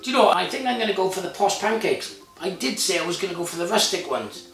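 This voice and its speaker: A man's voice: high voice, lively intonation, quick pace, a bit bright, recorded from a distance. A man in his forties hosting a casual cooking vlog, chatty and jokey, swearing freely. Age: 40s. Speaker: cooking show host. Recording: echoey room, off-mic, music behind.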